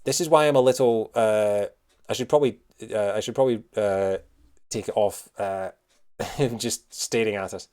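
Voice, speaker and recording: A man's voice: on the low side, moderate pace, a little mellow, clean tone. A man live-streaming, chatting casually and rambling with many fillers as he answers his chat. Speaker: streamer reacting to news.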